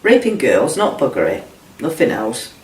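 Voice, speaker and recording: A man's voice: mid-range voice, wildly swooping pitch, normal speed, darkish tone. A middle-aged man, giving blunt, sweary personal testimony in an interview and repeating himself as he retells events. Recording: roomy, distant mic, faint ambience.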